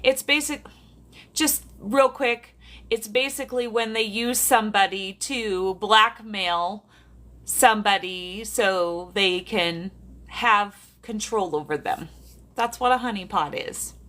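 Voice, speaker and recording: This South Dakota woman, a medium, talks slowly in a medium-pitched, fairly bright voice. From her bedroom, she livestreams on a tripod-mounted phone or camera, chatting casually with viewers and laughing a lot.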